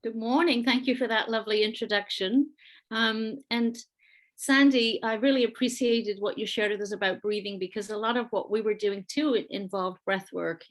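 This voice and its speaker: A woman speaks over a video call, presenting to an online panel as the head of an early-years school. She talks in an earnest, conversational way, restarting sentences and dropping in fillers as she walks through her slides. Her pitch sits in the middle for a woman. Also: normal speed.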